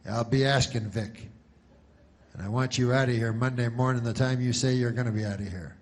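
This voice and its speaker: A man's voice: medium pitch, steady tone, brisk, natural voice. A man voicing a stern, suspicious small-town policeman.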